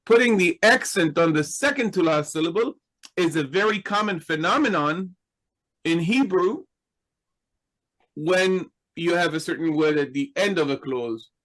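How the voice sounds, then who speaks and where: A man's voice: a little high, lively intonation, a little slow, a bit bright, poor audio. A man teaching a class in a patient, explanatory way, asking his students questions. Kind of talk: slow, deliberate Hebrew grammar lesson.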